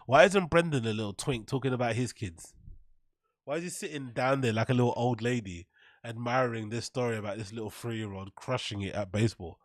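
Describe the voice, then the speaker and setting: A man's voice: mid-range voice, brisk, no echo, clean studio sound. A man hosting a commentary show, mocking and ranting sarcastically with plenty of swearing. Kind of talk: reaction commentary.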